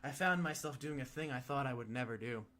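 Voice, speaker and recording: A man reading a story aloud, with an animated delivery full of sudden loud emphatic rises. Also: medium pitch, brisk, a little hiss or hum. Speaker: reader.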